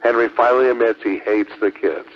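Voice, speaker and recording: A man's voice: medium pitch, steady tone, brisk. A man arguing on air as a ham radio operator, taunting and profane, repeating his accusations over and over. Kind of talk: heated on-air argument. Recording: lo-fi radio transmission.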